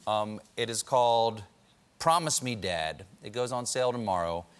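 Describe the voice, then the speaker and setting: A man's voice: fairly low pitch, normal speed, smooth. A man hosting a talk show, playful and showman-like as he questions his guest.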